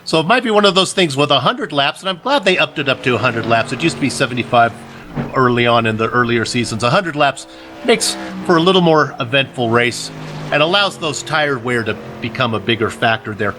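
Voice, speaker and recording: A man's voice: mid-range voice, a little fast. A man doing conversational commentary for a sim racing broadcast, asking his co-host questions. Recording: clear background noise.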